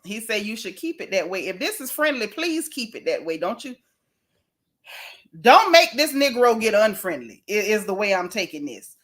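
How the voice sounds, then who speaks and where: A middle-aged woman vlogger chatting to her viewers in a lively, exclaiming way. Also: medium pitch, a little fast, hardly any pauses. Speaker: gossip vlogger. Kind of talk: casual commentary to viewers.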